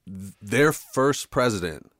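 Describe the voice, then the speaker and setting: Low-voiced man co-hosting a podcast. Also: expressive, takes it slowly, fairly bright tone, no room sound, clean studio sound. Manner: thoughtful, laughs often, restarts. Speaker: podcast co-host. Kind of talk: casual conversation.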